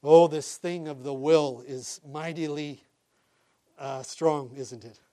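A middle-aged male pastor preaching a sermon and telling stories in an animated way, chuckling along. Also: fairly high pitch, slow.

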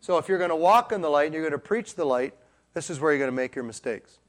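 Man, preacher, sermon, slightly high voice, calls out to the congregation, shifts between quiet and loud. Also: animated, fast.

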